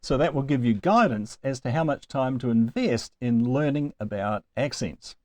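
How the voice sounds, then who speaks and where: A man's voice: medium pitch, moderate pace, a little mellow. A man teaching a recorded language lesson, explaining patiently step by step with a dry joke now and then. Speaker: Greek teacher.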